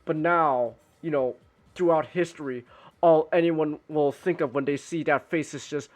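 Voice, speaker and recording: Guy chatting on an art stream, kinda high voice, keeps restarting and cussing, faint music behind. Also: steady tone, normal speed. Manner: rambling with many restarts and swearing. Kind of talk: casual chat while drawing on stream.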